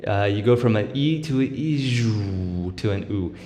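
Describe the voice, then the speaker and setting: A man's voice: fairly low pitch, animated, unhurried, mellow, faint music behind. A man giving a casual beatboxing tutorial, explaining step by step with lots of fillers and breaking into vocal sound demos. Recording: echoey room with long reverb.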